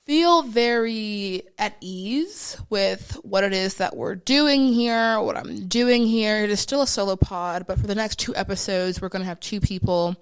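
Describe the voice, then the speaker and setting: A woman's voice: mid-range voice, a little slow, few pauses, clear, resonant tone. A woman hosting a podcast in a studio, chatting casually with playful, dramatic hype and slang. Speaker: podcast host. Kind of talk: casual chat.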